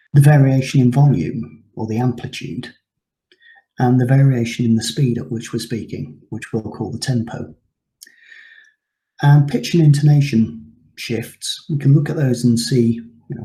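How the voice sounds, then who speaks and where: A man's voice: mid-range voice, mellow. A man teaching a recorded English lesson, explaining terms patiently with frequent ums. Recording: echoey room.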